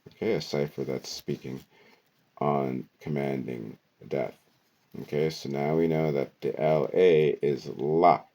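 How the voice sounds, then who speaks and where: Man, very low voice, slow deliberate delivery, esoteric word-decoding lesson, keeps saying okay. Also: darkish tone. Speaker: teacher.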